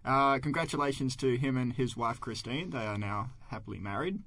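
A man's voice: mid-range voice, fairly quick, gravelly, no echo. A man co-hosting a podcast, chatting casually and acting out his own reactions as he tells stories. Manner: animated storyteller, acts out his own reactions. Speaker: podcast co-host.

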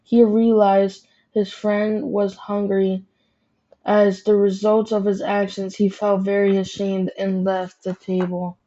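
A woman's voice: mid-range voice, flat delivery, slow, dark tone, highs cut off. Woman reading a children's story evenly. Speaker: storybook reader. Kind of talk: children's story read-aloud.

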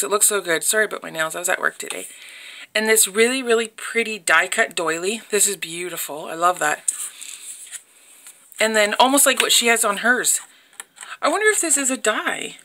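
A woman's voice: mid-range voice, bright, forceful tone. A young woman filming a casual craft unboxing on her phone, gushing and chatty as she talks to her viewers. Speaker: craft vlogger. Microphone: phone camera.

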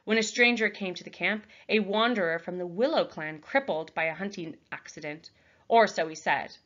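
A woman's voice: fairly low pitch, expressive, moderate pace, a bit bright, muffled recording. A woman reading aloud, voicing a guarded, scornful young clan girl. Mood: grim.

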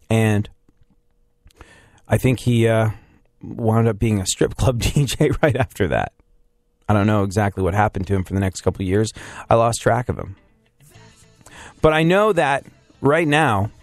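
A man's voice: mid-range voice, dry recording, studio quality. A man hosting a radio show, telling a candid, self-deprecating story in a wry, conversational way. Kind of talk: motivational storytelling monologue.

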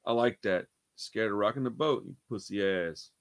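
A man hosting a music reaction channel, talking casually in a profane, excitable, slangy way. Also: fairly low pitch, moderate pace.

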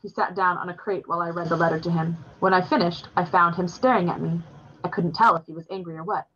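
A woman reading a novel chapter aloud in a steady, plain storytelling voice. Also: lowish voice, quick pace, muffled recording. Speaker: reader.

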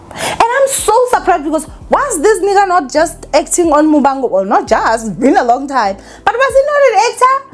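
A woman giving opinionated casual commentary as a vlogger, laughing often. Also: high-pitched.

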